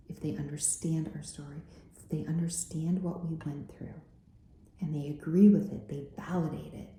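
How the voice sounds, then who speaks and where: A woman healing coach giving an earnest self-help talk, repeating her points and often dropping to a breathy near-whisper. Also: low-pitched, warm tone, a little hiss or hum. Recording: very echoey room.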